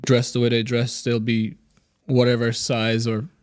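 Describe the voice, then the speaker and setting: Calm reflective man, dry sound. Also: medium pitch, measured pace, clean tone, no echo. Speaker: podcast guest. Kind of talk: casual podcast conversation.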